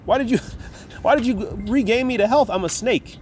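A man's voice: very high-pitched, normal speed, a little mellow, slight background noise, voice pushed up. A man voicing a blunt male snake in a parable told during a scripture lesson, asking incredulous questions. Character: blunt male snake, unapologetic about its nature.

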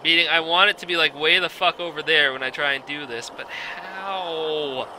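A man giving blind let's play commentary, exasperated, swearing often and yelling at the game. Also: fairly high pitch, moderate pace, background noise.

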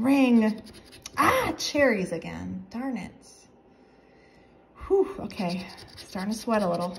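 A woman calling out numbers as she scratches lottery tickets, excitable and quick to laugh. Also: a little high, creaky, slight background noise. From North Carolina. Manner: reads numbers aloud, excitable, laughs often. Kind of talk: casual commentary while scratching tickets.

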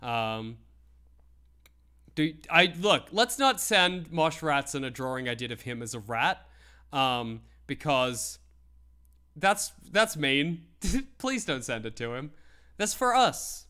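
A man's voice: fairly high pitch, sing-song, slow pace, pushed and bright, smooth. A man hosting a live stream, giving comedic commentary with mock outrage, laughter and casual swearing. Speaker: livestream host.

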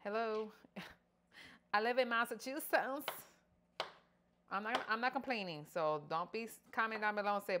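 A woman's voice: on the high side, normal speed, long pauses, bright, forceful tone, a little hiss or hum. Chatty middle-aged woman cooking at home. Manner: chatty, playful, joking asides to viewers. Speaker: lifestyle vlogger. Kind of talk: casual cook-along vlog chat. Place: home kitchen, indoors. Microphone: wireless clip-on mic.

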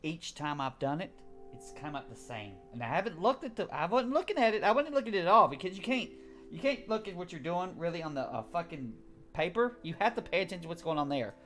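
A man's voice: on the high side, big pitch swings, quick pace, a bit bright, soft background music. A man giving gameplay commentary, muttering to himself in frustration and swearing heavily. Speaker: gamer.

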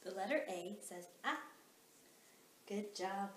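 A woman teaching a kindergarten phonics lesson, slow and encouraging in a sing-song teacher manner. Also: medium pitch, expressive, a bit bright, slight background noise. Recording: echoey room.

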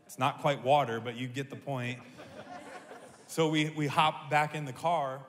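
A man preaching a sermon as a pastor, telling a story in an animated, humorous way. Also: medium pitch, a little slow, slight background noise. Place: church sanctuary. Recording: echoey church hall.

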